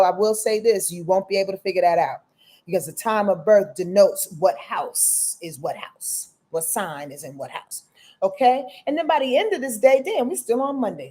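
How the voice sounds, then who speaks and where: A woman's voice: mid-range voice, warm tone. A woman hosting a live astrology stream, talking to viewers in an emphatic, casual and profane way. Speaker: astrology reader and host.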